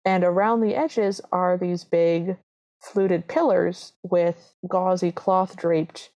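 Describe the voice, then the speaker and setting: A woman's voice: fairly low pitch, steady tone, takes it slowly, mellow. A woman co-hosting a podcast in casual chat, gushing with enthusiasm as she describes scenes. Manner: enthusiastic, gushing, often quotes characters. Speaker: podcast co-host.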